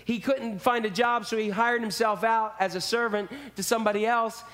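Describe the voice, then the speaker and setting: High-voiced man preaching conversationally. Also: fairly even intonation, moderate pace, fairly bright tone. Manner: conversational, acts out quotes in character voices. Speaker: pastor. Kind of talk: sermon.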